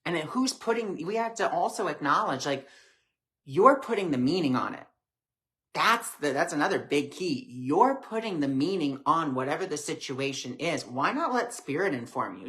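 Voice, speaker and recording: A man hosting a live stream, giving a reflective spiritual talk with gentle, repetitive phrasing and many fillers. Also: a little high, animated, moderate pace. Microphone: webcam or phone on a live stream.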